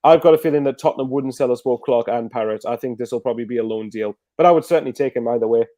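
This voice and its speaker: A man's voice: medium pitch, very fast, dark tone, dry recording, muffled recording. A man chatting casually as a guest football fan, rambling with lots of fillers and restarts. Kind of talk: casual video call chat.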